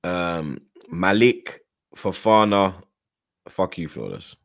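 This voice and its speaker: Deep-voiced man hosting a football live stream. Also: very animated, slow. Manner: loud, brash bursts when shouting out viewers. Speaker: stream host reading viewer messages. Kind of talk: casual live-stream chat.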